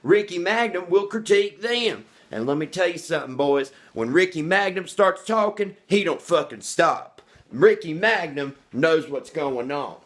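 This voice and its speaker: A man's voice: a little high, lively intonation, moderate pace, close to an everyday voice. A man doing a cocky redneck vlogger. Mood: boastful. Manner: rambling, boastful, refers to himself in third person. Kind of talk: comedic character monologue.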